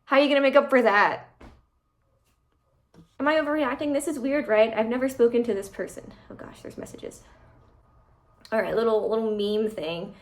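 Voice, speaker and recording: A woman reading online posts aloud and reacting to them in casual, animated commentary as a channel host. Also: fairly high pitch, moderate pace, pauses often.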